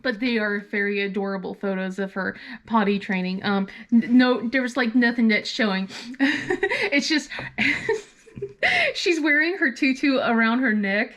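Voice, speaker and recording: A woman's voice: on the high side, lively intonation, measured pace, a bit bright. A woman vlogger chatting casually while crafting, rambling and laughing often.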